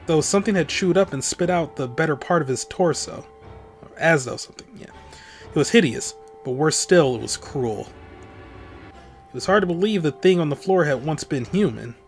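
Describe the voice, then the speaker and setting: A man hosting a let's play, reading a visual novel's text aloud in a dramatic voice and dropping in casual comments. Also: a little high. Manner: dramatic read-aloud broken by offhand comments.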